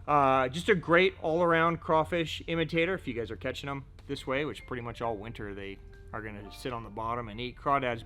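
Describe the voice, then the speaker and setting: A man's voice: mid-range voice, a bit bright. Chatty man showing off fishing tackle. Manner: chatty, joking, full of "so" and "right?". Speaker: fishing tackle shop presenter. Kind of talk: casual product showcase.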